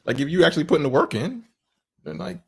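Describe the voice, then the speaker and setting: A man's voice: fairly high pitch, quick pace, vocal fry, crowd noise. A man co-hosting a film review podcast, teasing friends and retelling scenes with lots of laughter. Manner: laughing, teasing, animated storytelling. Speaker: podcast co-host. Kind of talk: casual chat.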